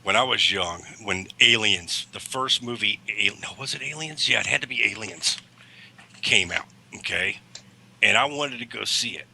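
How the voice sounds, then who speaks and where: A man's voice: lowish voice, animated, moderate pace, creaky, pushed and bright, a little hiss or hum. A man who drives a school bus, telling rambling stories in a casual livestream chat and correcting himself as he goes. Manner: rambling, self-correcting anecdotes.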